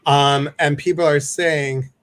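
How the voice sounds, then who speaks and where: A man hosting a casual chat, telling stories in an animated way and acting out the people in them. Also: a little high, slow pace. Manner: animated storytelling, acts out voices. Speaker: host.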